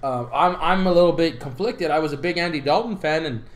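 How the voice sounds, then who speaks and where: A man's voice: fairly high pitch, a little fast. Crude joking man, echoey room. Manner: crude, joking, storytelling, swears freely. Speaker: podcast co-host. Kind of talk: casual sports podcast chat.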